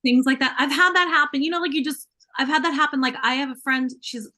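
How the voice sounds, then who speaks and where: A woman's voice: high voice, fast. A woman co-hosting a casual live chat, telling stories with lots of quoted asides. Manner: animated storytelling with quoted asides. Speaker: co-host.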